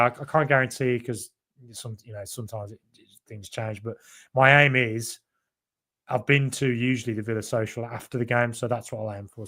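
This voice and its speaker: An English man with a mild Birmingham accent hosting a football podcast live, chatting casually with many ums and restarts, his voice tiring late at night. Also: medium pitch. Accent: mild Birmingham (Brummie). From England. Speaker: podcast host reading live chat. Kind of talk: casual live-stream chat.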